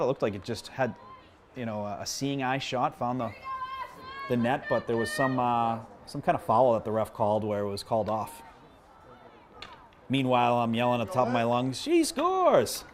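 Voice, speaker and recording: A man doing live play-by-play commentary at a high school field hockey game, chatty and self-deprecating, joking with the viewers between plays. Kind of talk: live local sports commentary. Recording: crowd noise behind.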